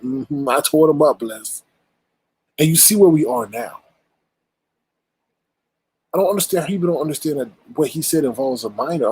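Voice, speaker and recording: Husky-voiced man ranting bluntly. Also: fairly high pitch, a little mellow, low-quality recording. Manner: blunt, exasperated, rhetorical, profane. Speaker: commentary channel host. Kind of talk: casual ranting commentary.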